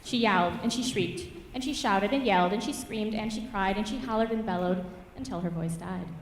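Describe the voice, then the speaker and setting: A woman reads a rhyming fable aloud in a lilting, expressive rhythm. Her voice carries through a church hall with long reverb, caught from a distance over a faint hum of room ambience. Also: medium pitch, a little fast. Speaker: writing mentor. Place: church hall at a public reading. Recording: echoey church hall from far off.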